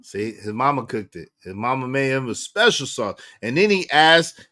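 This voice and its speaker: Bright-voiced man reacting to clips. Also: mid-range voice, normal speed. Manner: animated, blunt, laughs while talking. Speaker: reaction video host. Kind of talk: casual commentary on clips.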